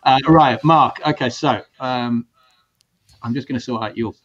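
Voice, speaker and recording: A man's voice: medium pitch, unhurried, a bit bright, husky. A man hosting a casual video-call talk show, chatty and hesitant, often restarting his sentences. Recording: dull lo-fi stream audio.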